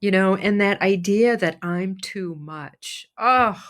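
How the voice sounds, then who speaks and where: A woman's voice: mid-range voice, takes it slowly. A woman co-hosting a podcast, responding thoughtfully in casual conversation, with the odd giggle. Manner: reflective, warm listener, occasional giggles. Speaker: podcast co-host.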